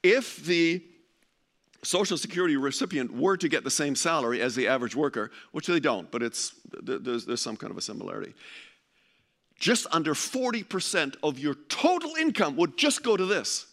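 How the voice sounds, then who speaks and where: A man's voice: fairly high pitch, lively intonation, moderate pace, a bit bright. A man giving an informal presentation to a live audience, chatty and joking, often stumbling and restarting as he searches for words.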